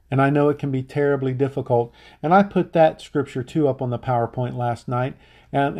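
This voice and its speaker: A man's voice: mid-range voice, dark tone. A middle-aged man, a pastor, preaching a sermon in an earnest way, often restarting his words.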